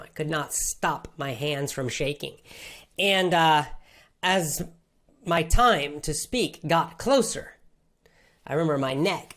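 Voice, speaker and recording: Low-voiced woman repeating for emphasis. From Athens, Georgia, USA. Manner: simple words, heavy repetition, emphatic. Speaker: English-learning podcast host. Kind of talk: personal story told to language learners.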